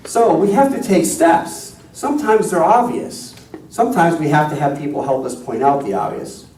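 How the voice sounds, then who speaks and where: A male minister gives a conversational, self-deprecating sermon. His voice is warm and mellow. It is picked up from a distance in a large, echoey church hall. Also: on the high side, normal speed, a little hiss or hum. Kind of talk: sermon with storytelling.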